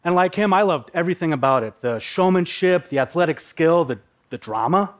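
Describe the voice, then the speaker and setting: A middle-aged man from Minnesota telling a personal story in a vivid, animated way. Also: a little high, brisk. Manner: vivid, emotional, animated narration.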